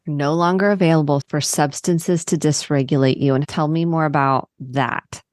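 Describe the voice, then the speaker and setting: A woman's voice: low-pitched, fairly even intonation, normal speed, a little mellow, no room sound, studio quality. A woman hosting a podcast, reflective, summing up and affirming what her guest says. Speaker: podcast host. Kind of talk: conversational interview.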